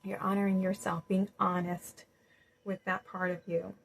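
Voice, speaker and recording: A woman giving a gentle spiritual reading to viewers, reassuring and casual, with many "you know"s. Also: mid-range voice, little pitch movement, normal speed, vocal fry, slight background noise, poor audio. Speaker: spiritual card reader. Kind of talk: intuitive tarot-style reading to viewers.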